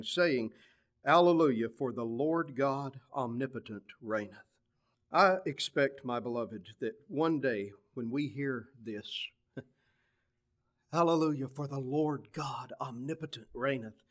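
A man preaching a sermon, quoting King James scripture and swinging from loud climbs to low quiet drops. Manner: preaching cadence, swelling louder and dropping low on scripture.

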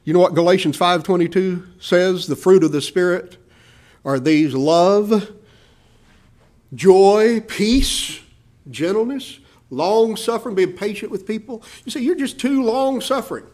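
A man's voice: high voice, measured pace, a little mellow. A man preaching a sermon, asking the listeners questions and acting out the voices of the people in his story. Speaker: pastor.

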